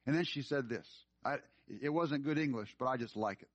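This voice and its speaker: A man's voice: mid-range voice, fairly quick, hardly any pauses, no room sound. A male pastor preaching a sermon, telling a story and then pressing his point with earnest urgency. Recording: dry, slightly dull sound.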